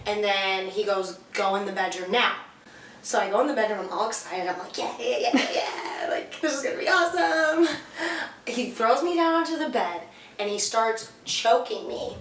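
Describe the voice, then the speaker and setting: A woman's voice: medium pitch, a bit bright, a little hiss or hum. A young woman casually telling a candid, profane story as a vlog co-host. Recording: echoey room, mic far off.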